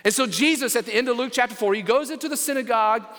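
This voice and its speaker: In a church sanctuary, a senior pastor preaches a sermon emphatically, asking his congregation questions. His voice is very high, very fast, and fairly bright, and the large church gives the recording a long reverb.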